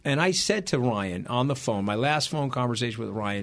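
A man's voice: medium pitch, expressive, fairly bright tone. Blunt middle-aged New York man. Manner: blunt, emphatic, rapid-fire storytelling. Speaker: podcast guest. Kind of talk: casual interview storytelling.

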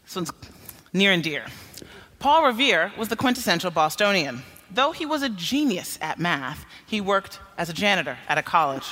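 A man telling a made-up comic story as a quiz panelist, in a deadpan way. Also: sits high, long reverb tail, background noise. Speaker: comedy panelist.

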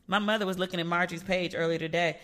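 Rapid-fire and lowish-voiced, this podcast host keeps things sassy and playful in a casual gossip chat. She's an animated storyteller who performs the voices of whoever she's quoting.

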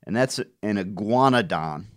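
Rambling, animated podcast co-host. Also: male voice, on the low side, a little slow, dry recording, clean studio sound. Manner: rambling, playful, breaks into goofy put-on voices. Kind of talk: casual chat about crossword puzzles.

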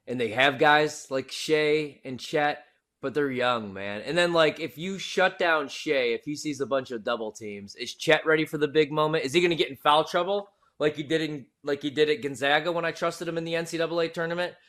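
A man's voice: on the high side, fairly bright tone. A man co-hosting a sports podcast who gives his opinions in a casual, slangy way. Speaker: podcast co-host.

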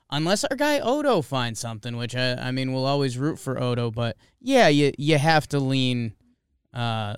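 A man in casual sports-podcast chat, lively and quick with his asides, laughing easily. His voice comes through very smooth and clean, set close to the mic in a dry room. He talks a touch above the usual pitch. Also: no echo. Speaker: podcast co-host.

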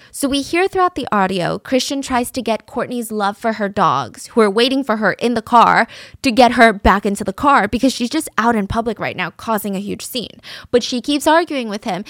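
A woman's voice: a little high, expressive, a little fast, no room sound, clean studio sound. A woman hosting a true-crime podcast, narrating earnestly and describing a recorded argument. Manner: earnest and descriptive, reads out quotes from audio.

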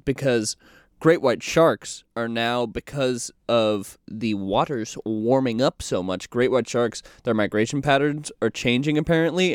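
A man's voice: mid-range voice, clean tone, dry recording, clean studio sound. A man co-hosting a podcast in casual chat, rambling with lots of fillers and restarts. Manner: rambling, halting, with frequent fillers. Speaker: podcast co-host. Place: Portland, Maine.

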